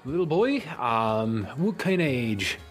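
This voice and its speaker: A man's voice: mid-range voice, very animated, takes it slowly, faint music behind. A man voicing a chatty male townsman with a basket of potatoes, gossipy and fussy.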